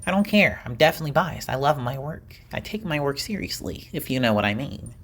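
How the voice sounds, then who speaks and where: A man chats alone on his podcast, relaxed and playful. He keeps turning to the listeners with teasing questions and jokey asides, mixing in laughs and sighs. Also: mid-range voice, fairly quick, slightly rough. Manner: playful, chatty, talks straight to listeners. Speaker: podcast host. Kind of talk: casual solo podcast chat.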